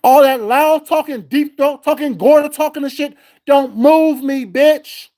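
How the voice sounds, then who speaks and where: A man's voice: very high-pitched, measured pace, dark tone. A man hosting his own vlog from home, delivering a heated, profane, confrontational rant of commentary aimed at his critics. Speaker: vlogger host.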